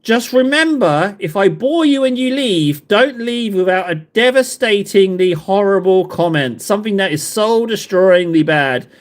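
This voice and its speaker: Expressive and high-voiced, this southern English man keeps a measured pace with few pauses while hosting a livestream. He rambles, jokes, and pokes fun at himself as he talks casually to viewers.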